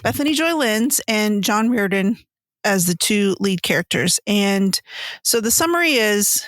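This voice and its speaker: A woman hosting a podcast in casual chat, animated, acting out her own reactions as she talks. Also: medium pitch, unhurried, no echo, clean studio sound. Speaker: podcast host.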